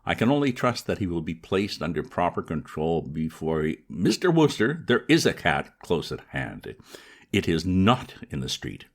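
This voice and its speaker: A man reading aloud, voicing a pompous, indignant older gentleman in a formal, lofty manner. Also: sits low, big pitch swings, moderate pace, full character voice.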